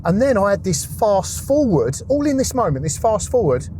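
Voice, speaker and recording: A man's voice: sits high, sing-song, normal speed, mellow, a little hiss or hum. A man, a podcast guest, telling a raw personal story, swearing often and acting out his past thoughts.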